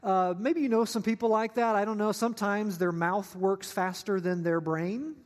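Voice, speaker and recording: High-voiced preacher man in a reverberant hall. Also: fairly even intonation, normal speed. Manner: conversational and joking, asks the audience questions. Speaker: pastor. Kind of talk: sermon. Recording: long reverb of a large hall.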